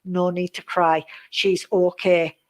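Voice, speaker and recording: Woman doing a live psychic reading, lowish voice, keeps saying okay, soothing and repetitive. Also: little pitch movement, takes it slowly, a little hiss or hum. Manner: repetitive, reassuring, tags phrases with "okay?". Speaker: psychic medium.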